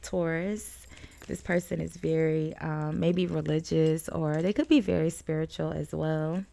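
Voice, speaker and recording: A woman's voice: sits low, steady tone, measured pace, gravelly, mellow. A woman giving a casual tarot card reading to her viewers. She is chatty, laughs often, and calls the viewer "friend.". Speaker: tarot reader.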